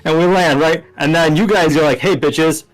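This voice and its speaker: A man's voice: fairly high pitch, fairly even intonation, fairly quick, low-quality recording. A man playing a tabletop game, animatedly laying out a plan and checking in with "right?" after nearly every step. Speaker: player.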